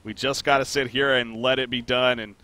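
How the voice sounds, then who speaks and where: A young man casting a live esports match, calling play-by-play in quick, easy, chatty commentary. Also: mid-range voice, clean tone, no room sound. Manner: quick play-by-play that builds to excited calls during fights.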